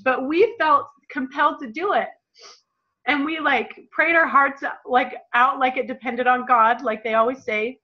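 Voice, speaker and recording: A woman leading a motivational team call, telling her story in a gushing, excited way and talking straight to her listeners as "you guys.". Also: high-pitched. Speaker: team leader. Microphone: phone or computer call. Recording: muffled lo-fi call audio.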